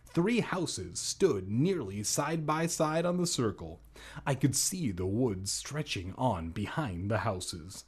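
A man reads a children's book aloud in a slow, husky voice, cracking offhand jokes between the sentences. His pitch swings widely and keeps the reading lively. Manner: jokey asides while reading. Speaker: reader.

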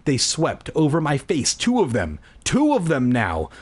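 A man hosting a podcast, reading a children's horror book aloud in an animated way and breaking off into crude throwaway jokes. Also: a little high, measured pace, slightly rough. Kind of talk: comedic read-aloud with jokey asides.

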